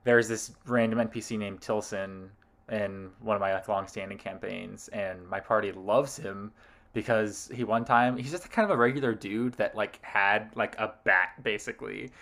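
A man co-hosting a podcast, chatting in a relaxed way with plenty of filler words. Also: fairly low pitch, moderate pace, gravelly. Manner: relaxed, filler-heavy, laughs easily. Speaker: podcast co-host. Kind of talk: casual chat.

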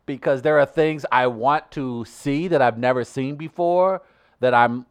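A man's voice: medium pitch, unhurried, smooth, no echo. A man talking loosely on a studio podcast, tripping over restarts and breaking into laughter as he goes. His voice sits mid-range, and the room sounds dead and close to the mic. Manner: rambling, animated, laughs often. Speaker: podcast co-host. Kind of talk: casual chat.

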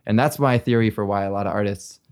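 A man's voice: lowish voice, fast, a little mellow. A man in his thirties, a filmmaker guest in casual chat, rambling with lots of "like" and acting out what people say. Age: 30s. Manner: rambling, lots of "like", acts out quotes.

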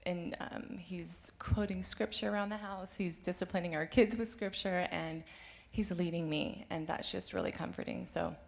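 Brief: woman testifying in church, low-ish gravelly voice, bright and lively. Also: moderate pace, hardly any pauses. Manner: upbeat, laughing, grateful. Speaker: church member giving testimony. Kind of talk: personal testimony. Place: church sanctuary.

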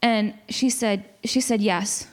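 A woman in her forties in a casual discussion, telling a story in an animated way with many restarts. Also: medium pitch, slow.

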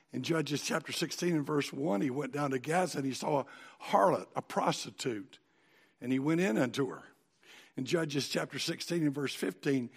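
Folksy preacher man telling bible stories, husky and gravelly. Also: fairly high pitch. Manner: folksy, animated storytelling. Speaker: pastor. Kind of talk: sermon.

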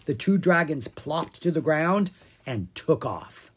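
A storybook narrator reading a children's book aloud in an animated way. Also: mid-range voice, slow pace, breathy edge. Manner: animated, expressive. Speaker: audiobook reader.

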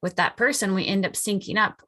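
A woman's voice: medium pitch, brisk, sharp tone. Earnest woman explaining in casual chat.

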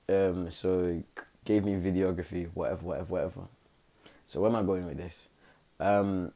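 A man's voice: deep voice, mellow. Slangy young man rambling. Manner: rambling, slangy, fillers like innit. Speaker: content creator. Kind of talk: casual commentary.

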